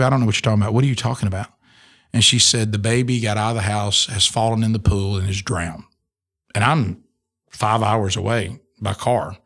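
A middle-aged man with a fairly low voice tells a personal testimony on a podcast. He speaks earnestly and often restarts his sentences as he goes. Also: fairly bright tone. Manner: earnest storytelling with many restarts. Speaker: radio host and speaker.

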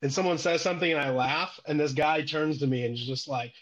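A giggly man with a slightly high voice tells rambling, easygoing stories. His sound is dull and lo-fi. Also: a little fast. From Illinois, United States. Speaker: streamer guest. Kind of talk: casual chat. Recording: dull lo-fi audio.

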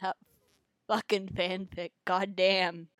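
A woman co-hosting a casual fan podcast, wry and quick to laugh, with casual swearing. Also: mid-range voice, level tone, a bit bright, dry recording.

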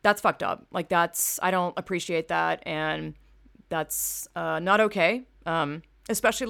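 A woman's voice: lowish voice, normal speed, creaky, fairly bright tone. Rambling, profane woman hosting a podcast. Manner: rambling, profane, blunt, with many fillers. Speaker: podcast host. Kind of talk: casual solo podcast monologue.

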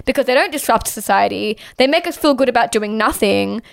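A woman's voice: on the high side, animated, brisk, creaky, no room sound, studio quality. A young woman giving passionate, outspoken political commentary in a casual chat. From Australia. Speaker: co-host.

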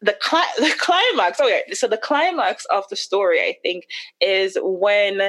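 A woman speaking as a guest, recounting a painful chapter of her life in a candid, emotional way. Her voice sits at an ordinary middle pitch, and she breaks into quick asides as she goes. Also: a bit bright. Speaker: podcast guest. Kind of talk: personal storytelling.

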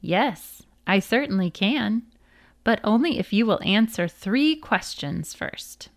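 A woman's voice: medium pitch, animated, takes it slowly. A woman voicing a mocking male giant on a moose as she reads a storybook aloud, her tone teasing.

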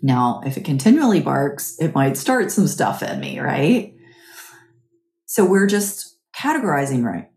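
A woman hosting a podcast, giving a gentle, chatty guided mindfulness talk that keeps asking "right?". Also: sits low, very animated, a little slow, gravelly, reverberant. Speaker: podcast host.

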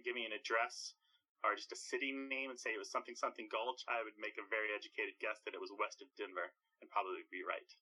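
A man's voice: lowish voice, steady tone, fast talker, sharp tone, low-quality recording. A man speaking as a language expert guest, explaining things thoughtfully and at length with small restarts. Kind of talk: explanatory conversation.

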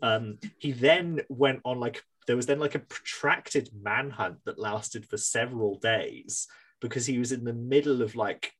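A man hosting a casual podcast chat, telling a story in an animated way, laughing and swearing as he goes. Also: medium pitch, measured pace, breathy edge. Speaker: podcast host.

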